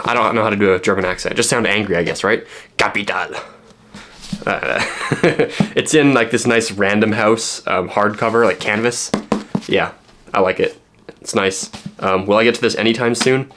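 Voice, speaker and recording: Male book vlogger, lower voice, loose unscripted chatter with filler words and dry jokes. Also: a bit bright, a little hiss or hum. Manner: rambling, filler-heavy, joking asides. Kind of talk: casual book haul chat.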